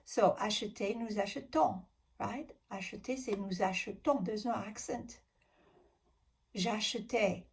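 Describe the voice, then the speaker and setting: Woman teacher, unhurried and husky, patient lesson delivery. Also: medium pitch. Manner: patient, spells out endings letter by letter. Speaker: French teacher. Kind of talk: recorded grammar lesson.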